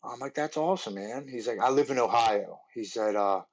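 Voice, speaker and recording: A man's voice: on the low side, moderate pace, low-quality recording. A man in his forties, a podcast guest earnestly telling his recovery story, with lots of "like" and restarts.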